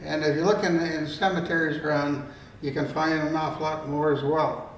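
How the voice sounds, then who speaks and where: A man's voice: fairly high pitch, steady tone, moderate pace. A man in his eighties, an author telling stories at a library event in a meandering, folksy, conversational way. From Canada. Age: 80s. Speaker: storyteller and author. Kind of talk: storytelling talk. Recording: roomy room, mic far off, faint noise.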